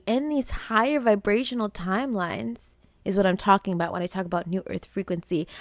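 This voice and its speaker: An earnest young woman talks through a motivational podcast in a middle-pitched voice. She repeats herself for emphasis and slips into quick voices for her inner thoughts. The sound is close and dry, with no room around her. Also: no room sound. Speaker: podcast host and life coach. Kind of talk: motivational spiritual monologue.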